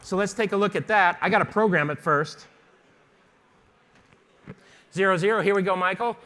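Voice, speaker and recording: Brief: male instructor, higher-pitched, chatty and jokey, quizzing a live workshop crowd. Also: pushed and bright. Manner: chatty, jokey, fast-talking teacher quizzing the audience. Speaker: photography instructor. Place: conference stage before a live audience.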